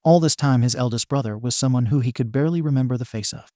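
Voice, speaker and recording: A man narrating a fan fiction story in a steady storytelling manner. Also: medium pitch, quick pace, no room sound, studio quality.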